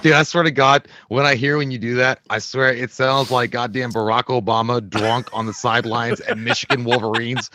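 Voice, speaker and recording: A man co-hosting a casual live stream, swearing and stammering through quick remarks. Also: mid-range voice, fairly even intonation, sharp tone. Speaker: co-host.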